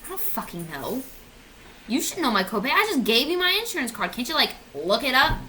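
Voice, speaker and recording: A woman's voice: high voice, sing-song, brisk, bright, forceful tone, a little hiss or hum, rough recording. A woman in her twenties ranting sarcastically on her vlog, swearing and mocking herself. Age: 20s. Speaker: vlogger. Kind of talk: casual comedic rant.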